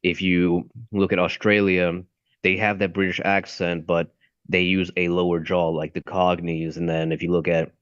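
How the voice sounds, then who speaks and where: A man's voice: sits low, little pitch movement, moderate pace, clear, resonant tone, no room sound. A young man and voice acting student chatting casually, rambling and searching for words. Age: young adult. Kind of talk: casual chat. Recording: dull lo-fi audio.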